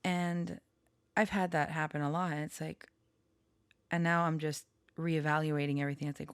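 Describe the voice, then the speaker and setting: A woman talking slowly and haltingly with many pauses, sharing personal reflections in a vlog, short on sleep. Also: low voice, level tone, clean tone, no room sound. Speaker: tarot reader and storyteller.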